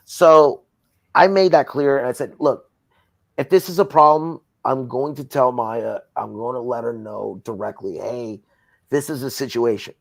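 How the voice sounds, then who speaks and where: A man's voice: mid-range voice, a little slow, gravelly. A man from Southern California rants with heat and plenty of swearing, speaking in a mid-range voice. The sound is close and dry, with no room echo at all. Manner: profane, heated ranting. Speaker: wrestling promoter. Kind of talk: casual interview.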